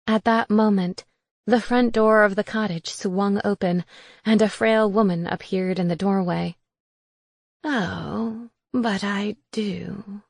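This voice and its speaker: A woman reading a first-person cozy mystery aloud in an even, wry tone. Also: mid-range voice, measured pace, dry recording. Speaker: audiobook narrator. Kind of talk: first-person audiobook narration.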